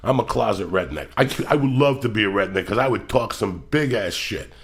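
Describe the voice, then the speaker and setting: A middle-aged man with a gravelly, somewhat low voice hosts a casual podcast. He tells stories in a profane, animated rush and swears constantly. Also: fairly quick. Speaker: podcast host.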